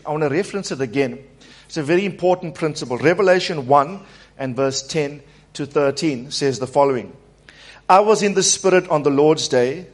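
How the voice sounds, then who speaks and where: Man, pastor, high voice, sermon, call-and-response, repeats phrases, slows for emphasis. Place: church.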